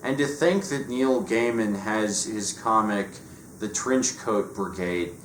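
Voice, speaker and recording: A lower-voiced man delivers a sarcastic, profanity-laced review. He sounds dismissive and offhand, in an echoey room with a faint hiss behind him. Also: slow pace. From United States. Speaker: comic book reviewer. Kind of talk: casual rant review.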